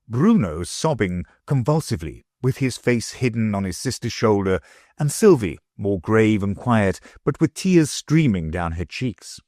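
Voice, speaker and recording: A man narrating a classic storybook aloud, with expressive delivery. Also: lowish voice, measured pace, no echo, studio quality. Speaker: audiobook narrator. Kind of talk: scripted narration.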